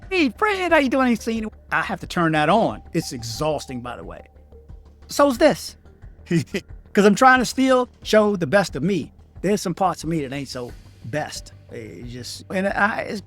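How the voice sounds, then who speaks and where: Heated storytelling man from D.C. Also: a little high. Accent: Washington, D.C. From Washington, D.C. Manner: animated, heated, acts out texted exchanges in raised voices. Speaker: vlogger. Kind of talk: casual storytelling rant.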